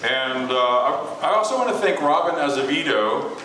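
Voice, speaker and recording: Man, event host, halting speech with fillers, distant mic, very echoey room, background noise. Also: mid-range voice, animated, bright, forceful tone. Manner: halting, many "uh" fillers and restarts. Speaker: bookstore owner hosting a memorial reading. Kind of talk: informal event introduction. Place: bookstore event space with an audience.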